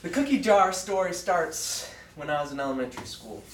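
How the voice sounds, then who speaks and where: A young man giving a student sermon in a classroom. He tells a childhood story earnestly, with frequent fillers and pauses. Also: fairly high pitch, expressive, a little hiss or hum. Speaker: student preacher. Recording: roomy echo from far off.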